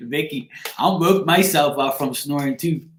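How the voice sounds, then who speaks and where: A man's voice: a little high, fairly bright tone, roomy sound. A man with a Bermudian accent, a tarot reader chatting casually on a live stream, greeting viewers by name and swearing freely.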